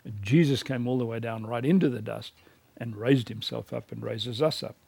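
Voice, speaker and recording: A man's voice: medium pitch, normal speed, vocal fry, a little mellow, slightly rough, no room sound. A man from Africa, giving a recorded teaching lecture in an earnest, emphatic preaching cadence. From South Africa.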